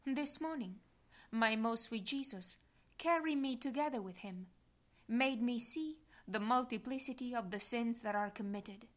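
A woman reads a devotional diary aloud in a solemn, measured manner. Her voice sits fairly high. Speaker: reader.

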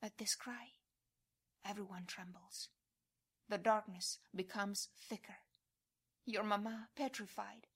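A woman giving a devotional prayer reading in a hushed voice that often drops to a whisper. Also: fairly high pitch. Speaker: prayer reader.

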